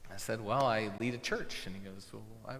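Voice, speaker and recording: A man's voice: lowish voice, fairly quick, a bit bright, long reverb tail. A man, a pastor preaching a sermon and telling a story in a conversational way, acting out the dialogue. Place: church sanctuary.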